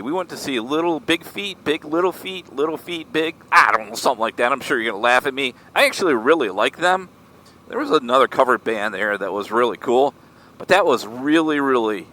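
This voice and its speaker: Middle-aged man vlogging from his motorcycle, rambling and joking, bright lively voice, faint road noise. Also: medium pitch. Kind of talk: casual talk while riding a motorcycle. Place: outdoors on a moving motorcycle.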